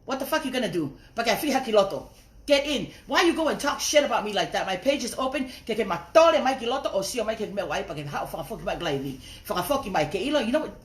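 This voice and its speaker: A woman's voice: mid-range voice, expressive, quick pace. Furious, swearing woman ranting on a livestream. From raised outside Tonga. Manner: profane, confrontational, scolding; mixes English with Tongan phrases. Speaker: social media livestreamer. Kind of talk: angry livestream rant. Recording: roomy echo.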